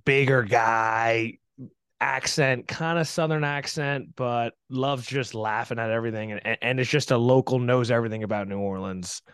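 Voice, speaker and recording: A man's voice: medium pitch, normal speed, fairly bright tone, clean tone, no room sound, studio quality. A young man co-hosting a podcast, telling stories in a rambling casual way with lots of fillers. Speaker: podcast co-host. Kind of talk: casual chat.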